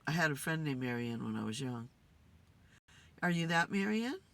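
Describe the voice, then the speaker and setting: A woman host talking to spirits in a casual, musing way, tired and low on energy. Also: big pitch swings, brisk, creaky. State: tired, yawning. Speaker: spirit communicator and channel host. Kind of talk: casual spirit session monologue. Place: in a car.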